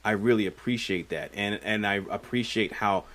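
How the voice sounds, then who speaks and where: A man's voice: fairly low pitch, normal speed, fairly bright tone. A man co-hosting a casual film podcast, talking in a rambling, thoughtful way with many fillers and restarts. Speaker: podcast co-host.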